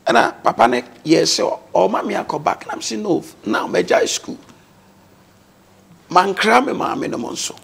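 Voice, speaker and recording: A Ghanaian man recounts his past as a talk show guest, his voice gravelly and husky. He sits a little high for a man and speaks with an earnest, steady storytelling pull. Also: normal speed, hardly any pauses. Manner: earnest storytelling, mixing English words into his speech.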